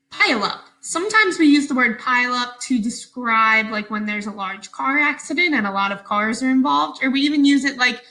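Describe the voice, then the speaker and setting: A woman teacher giving a recorded phonics lesson for young children, speaking slowly, clearly and patiently with pauses between words. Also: on the high side, pushed and bright, low-quality recording.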